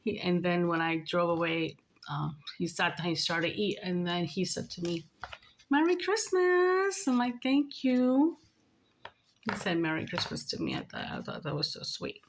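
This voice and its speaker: A woman's voice: on the low side, expressive, moderate pace, fairly bright tone, slight background noise. A woman talking casually and earnestly to her viewers about faith and helping others, chatty and repeating herself. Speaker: spiritual vlogger. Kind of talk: casual spiritual talk to viewers.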